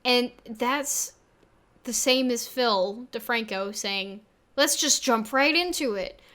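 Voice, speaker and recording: A woman with a voice that sounds younger than her age, giving halting, self-deprecating reaction commentary, with many restarts, on a USB desk mic. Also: fairly high pitch, a bit bright. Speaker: video creator and game developer. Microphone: Blue Yeti on an arm.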